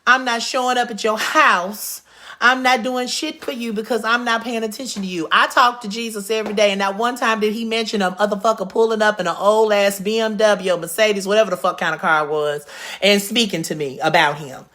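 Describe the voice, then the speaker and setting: A woman telling a comedic storytime rant outdoors in a suburban neighborhood, brash and profane, swinging from loud outbursts to low mutters. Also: fairly even intonation, brisk. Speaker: vlogger.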